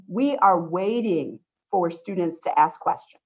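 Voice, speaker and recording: A woman's voice: on the low side, a little slow, hardly any pauses, husky. Encouraging woman teaching over video call. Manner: encouraging, upbeat, often says she loves it. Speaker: college instructor. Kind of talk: online workshop teaching. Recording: dull lo-fi video call audio.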